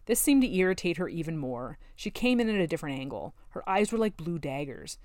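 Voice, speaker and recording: Low-voiced woman reading a novel. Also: very animated, a little fast, few pauses, darkish tone, no echo, studio quality. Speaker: audiobook narrator. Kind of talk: first-person novel reading.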